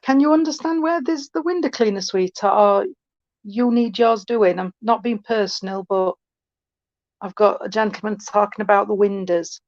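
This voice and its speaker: A woman's voice: mid-range voice, normal speed, a little mellow, no room sound. Woman, medium, chatty, affectionate, dull dry call audio. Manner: chatty, affectionate, calls people sweetheart. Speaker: spiritualist medium. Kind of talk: online mediumship reading.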